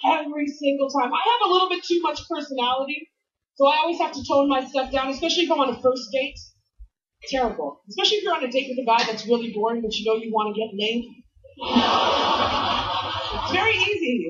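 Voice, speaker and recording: A woman in her thirties performs a brash stand-up set and works the crowd. Her high voice leaps up and down. The sound is a dull, lo-fi TV broadcast of a stage mic. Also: fast. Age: 30s. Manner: brash, animated, crowd-working. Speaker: stand-up comedian. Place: comedy club stage before a live audience.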